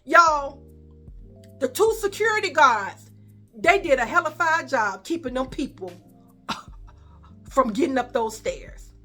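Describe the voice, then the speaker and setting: In a casual storytime vlog, a Chicago-accented woman recounts something personal, animated and profane as she performs the dialogue. Her voice is high-pitched and her delivery slow, with long pauses over soft background music.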